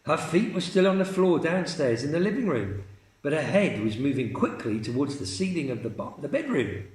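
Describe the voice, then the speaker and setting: A man teacher reading a children's story aloud in a slow, expressive storytelling manner. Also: on the high side, reverberant.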